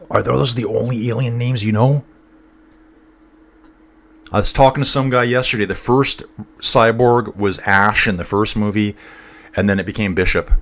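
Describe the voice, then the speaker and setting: A middle-aged man talks through a live stream of a cycling race in a loose, rambling way. He keeps drifting off topic and calls his viewers "guys" and "dude". His voice sits on the low side. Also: fairly bright tone. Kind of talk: casual live-stream commentary, chatting with viewers.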